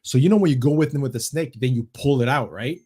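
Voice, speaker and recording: A man hosting a casual podcast, telling stories in an animated way with lots of swearing and repetition. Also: medium pitch, quick pace, slightly rough. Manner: animated storytelling, swearing, repeats himself. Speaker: podcast host. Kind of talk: casual chat.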